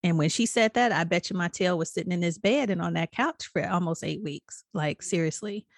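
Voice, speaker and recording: A woman's voice: lowish voice, fairly quick, gravelly, no echo, clean studio sound. A woman co-hosting a podcast in casual chat, telling her own story candidly and animatedly. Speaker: podcast co-host.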